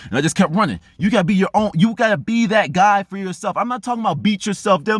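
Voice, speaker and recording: A man's voice: high voice, big pitch swings, brisk, breathy edge, dry recording, studio quality. A man giving a blunt, profane motivational monologue as a vlogger, unscripted and intense. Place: remote outdoor spot.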